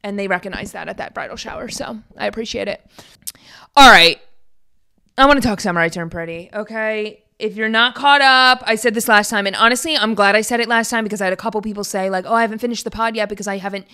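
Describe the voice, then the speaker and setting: A woman's voice: mid-range voice, quick pace, bright, forceful tone, smooth. A young woman hosting her own podcast, talking casually in an upbeat, rambling way with lots of fillers. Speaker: podcast host. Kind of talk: casual solo podcast chat.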